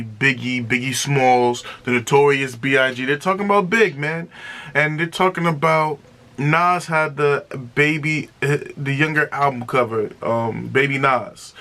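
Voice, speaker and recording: A man hosting a music reaction video, talking casually and excitedly, often repeating himself and breaking into exclamations. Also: mid-range voice, moderate pace.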